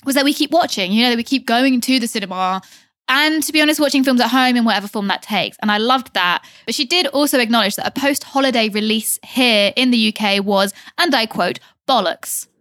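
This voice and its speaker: A young woman reporting on a film podcast, chatting in a rambling, animated way with plenty of asides. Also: a little high, brisk, no room sound, studio quality. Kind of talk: casual podcast chat.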